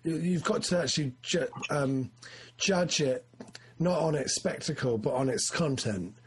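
Man, husky and a touch high-pitched; loose, rambling film chat with bursts of excitement. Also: unhurried. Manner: rambling, animated, acts out his excitement. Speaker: film discussion co-host. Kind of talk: casual chat.

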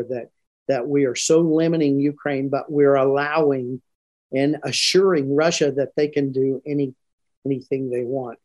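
An older man, a retired military commander, giving a broadcast interview in an earnest, emphatic way, slowing down to stress his points. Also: mid-range voice, darkish tone.

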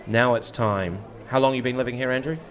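A man's voice: medium pitch, fairly even intonation, a little fast. A man with a New Zealand accent hosting a playful, casual chat. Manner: playful, chatty.

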